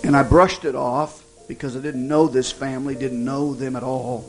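A man, an evangelist, telling a personal testimony in a folksy, halting way with many restarts. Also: medium pitch, fairly even intonation, rough recording. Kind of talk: sermon testimony storytelling. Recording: music playing behind the voice.

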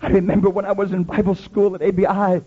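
A man's voice: high voice, flat delivery, fast, slightly rough, narrow, tinny audio. A man preaching a Pentecostal sermon, telling dramatic stories with heavy repetition.

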